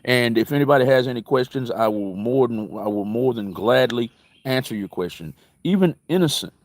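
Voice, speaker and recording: A man hosting a casual live-stream talk show, telling personal stories in a conversational way, repeating phrases and jumping in pitch for emphasis. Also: a little mellow. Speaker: internet radio talk host.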